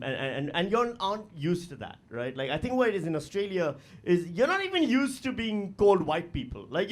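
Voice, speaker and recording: A man performing a stand-up comedy set on stage, animated, with loud bursts and mocking voices. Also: sits high. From Pakistan. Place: live comedy venue with audience.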